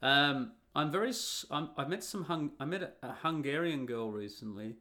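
A man's voice: on the high side, animated, moderate pace, bright, forceful tone. An Australian man with an Australian accent, giving a blunt, rambling solo monologue full of fillers and restarts. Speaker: vlogger.

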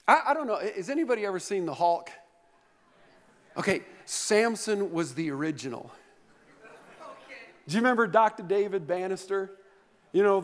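A male pastor delivering a sermon, telling stories with playful humor and asking the congregation questions. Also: sits high. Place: large church hall. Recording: long reverb of a church hall.

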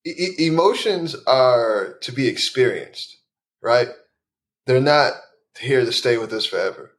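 A man's voice: medium pitch, animated, measured pace. A man from Chicago who is a guest on a podcast. He speaks thoughtfully and encouragingly, often repeating words as he works out what to say. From Chicago, USA. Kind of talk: conversational interview.

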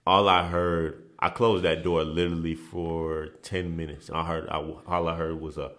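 Casting: man with a very low voice, laid-back podcast guest who often restarts and repeats phrases. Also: level tone, brisk, few pauses, a bit bright. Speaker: interview guest, former basketball player. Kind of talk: casual storytelling in a podcast interview.

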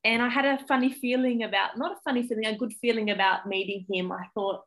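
A woman's voice: a little high, steady tone, quick pace, a bit bright, low-quality recording. Tearful Australian woman guest. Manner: emotional, tearful, many fillers. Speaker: guest, primary school teacher. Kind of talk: casual interview chat.

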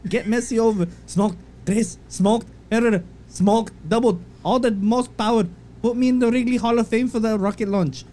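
A man reading out a brash male fighter's boast in a halting mock Irish accent. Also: on the high side, mellow, pitched below the performer's own voice, lightly acted. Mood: boastful reading. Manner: halting, stumbling read-aloud.

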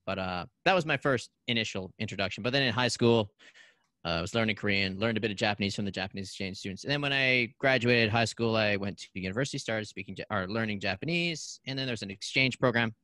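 A man from Canada in his thirties, a podcast guest telling stories in a casual, animated way and acting out the voices in them. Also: fairly low pitch, fast talker, dry recording, studio quality. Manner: animated, acts out voices in anecdotes. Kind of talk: casual storytelling.

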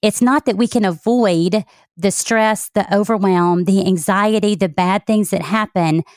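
A woman's voice: mid-range voice, no room sound, studio quality. A woman from Texas, hosting a podcast interview in an enthusiastic, effusive way. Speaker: podcast host.

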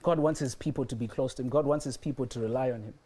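A man's voice: medium pitch, fast, mellow, slightly rough. A man preaching a sermon and telling a personal story, repeating his phrases for emphasis.

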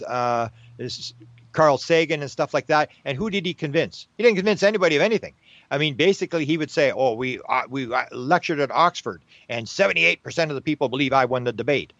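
A man guest in an interview, talking in a casual, animated way with frequent fillers and restarts. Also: mid-range voice, no echo, dull audio. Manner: animated, repeats himself, many fillers and restarts. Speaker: podcast guest.

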